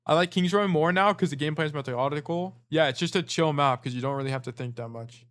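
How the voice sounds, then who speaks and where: A man's voice: fairly high pitch, quick pace, fairly bright tone, slight background noise. A man coaching a player through gameplay footage in a casual, blunt way, often repeating short commands. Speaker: game coach.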